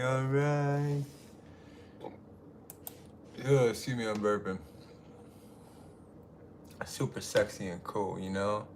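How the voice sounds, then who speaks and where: A man's voice: on the low side, slight background noise. A man hosting a live stream, chatting with viewers in a crude, goofy and chaotic way. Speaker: livestream host. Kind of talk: rambling live-stream chat. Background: music.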